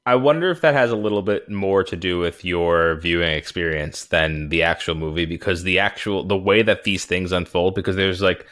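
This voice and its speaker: A man's voice: deep voice, normal speed, few pauses. Rambling, easygoing man in casual movie chat. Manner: rambling, animated, many fillers and restarts. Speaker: podcast co-host.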